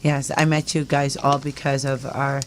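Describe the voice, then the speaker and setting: A woman hosting a casual talk show, enthusiastic and quick to laugh with her guests. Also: a bass voice, little pitch movement, noisy background. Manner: warm, enthusiastic, laughs often. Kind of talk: casual chat.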